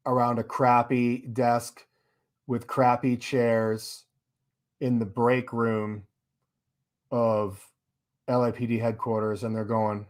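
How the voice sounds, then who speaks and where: On his own live stream, a man chats casually and reads viewer comments out loud, loose and sarcastic, laughing now and then. His middle-pitched voice stays level, and he takes his time with long pauses.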